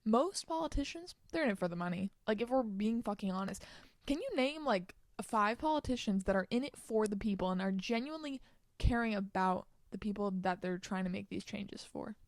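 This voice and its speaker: A young woman hosting her own solo podcast, ranting heatedly with frequent swearing and quick bursts of anger. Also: medium pitch, expressive, no echo, studio quality. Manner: heated, swearing, rapid outbursts. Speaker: podcast host.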